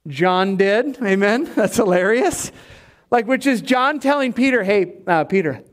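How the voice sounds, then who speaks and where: A male pastor preaching a sermon in an animated, emphatic way, repeating his key phrases. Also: very high-pitched, measured pace.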